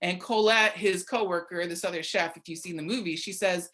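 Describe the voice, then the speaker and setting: A woman's voice: fairly low pitch, fairly quick, a bit bright. A young woman giving a casual, conversational midweek sermon, often checking in with her listeners by asking "right?". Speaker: church speaker.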